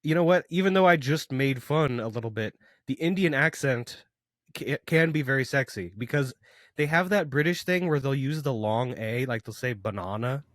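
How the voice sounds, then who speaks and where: Teasing young male co-host, average pitch, dry close mic. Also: moderate pace, a bit bright, no echo. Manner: playful, teasing. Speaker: podcast co-host. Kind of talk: casual chat.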